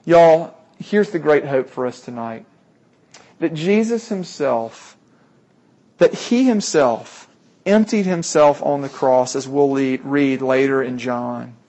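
A man's voice: mid-range voice, lively intonation, slow, warm tone. A man preaching a sermon, earnest and emphatic, often repeating key phrases for weight.

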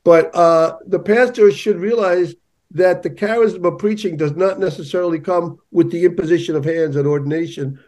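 Appearing as a guest in a conversational interview, a male journalist makes emphatic points and shares stories. His voice is high with a darkish tone, at normal speed.

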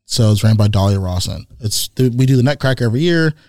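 A man trades stories in a relaxed chat, full of filler words and quick laughs. His voice sits in a middle register and sounds close and dry, without room echo. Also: medium pitch. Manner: animated anecdote-teller, laughs often, heavy use of "like". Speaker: guest. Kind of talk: casual storytelling chat.

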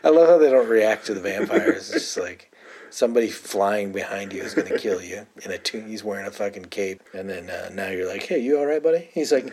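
A man's voice: on the low side, brisk, darkish tone, slight background noise. A man co-hosting a podcast, casually recapping a TV episode and quoting the characters' lines in a raised voice. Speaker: podcast co-host.

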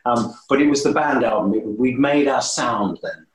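A man guesting on an interview, telling stories in a lively, animated way with many restarts. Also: moderate pace, a little hiss or hum. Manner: animated, swooping pitch, frequent restarts. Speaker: guest musician. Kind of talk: casual interview storytelling. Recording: roomy echo.

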